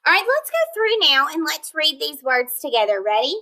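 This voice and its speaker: A woman teaching a phonics lesson, sounding out word parts slowly and deliberately, praising and checking in with her students. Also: high voice, big pitch swings, bright, forceful tone, rough recording. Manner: encouraging, checks in with "okay?". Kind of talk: recorded online lesson.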